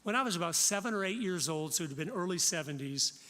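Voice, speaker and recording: A man's voice: high-pitched, lively intonation, quick pace, sharp tone. A man in his fifties from Florida, giving an impassioned, direct conference talk in a preacherly manner. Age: 50s. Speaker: conference speaker. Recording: long reverb of a large hall.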